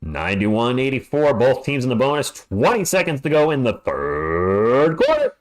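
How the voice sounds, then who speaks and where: Man, fan play-by-play, livestream, animated pitch, ranting asides. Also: moderate pace. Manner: chatty, ranting asides between plays. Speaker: play-by-play commentator. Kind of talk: live fan play-by-play commentary.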